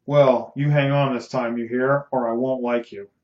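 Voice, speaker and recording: A man's voice: mid-range voice, little pitch movement, normal speed, close to an everyday voice. A man reading as a bossy young Southern belle. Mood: teasing. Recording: echoey room, dull lo-fi.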